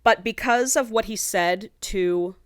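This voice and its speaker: A woman's voice: medium pitch, measured pace, no room sound, studio quality. A woman co-hosting a podcast, retelling a book's plot in casual chat and acting out the characters' lines with swearing. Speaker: podcast co-host.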